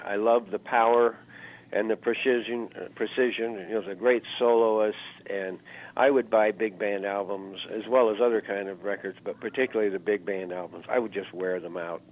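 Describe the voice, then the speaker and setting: A man in his seventies from Iowa, a musician telling stories in an interview, rambling and anecdotal, with plenty of "uh" fillers. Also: lowish voice. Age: 70s. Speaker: guest musician. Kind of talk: reminiscing interview storytelling. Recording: narrow phone-like interview audio.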